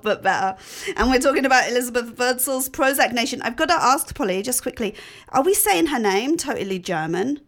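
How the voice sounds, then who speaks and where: A woman's voice: on the high side, a little fast. A woman hosting a live radio talk show in a studio, chatting and giggling as she tells stories. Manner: chatty, giggly, animated storyteller. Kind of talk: casual chat.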